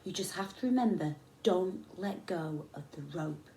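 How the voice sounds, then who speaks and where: A woman reading the part of a calm, encouraging male climbing instructor, coaxing and reassuring, from a storybook. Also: on the low side, moderate pace, a little hiss or hum, natural voice. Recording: echoey room.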